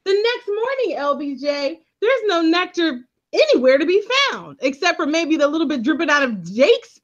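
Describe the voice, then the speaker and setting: High-voiced woman co-host, quick and emphatic, dull lo-fi audio. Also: very animated. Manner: emphatic and quick, laughing often. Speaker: podcast co-host. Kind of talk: casual TV recap chat.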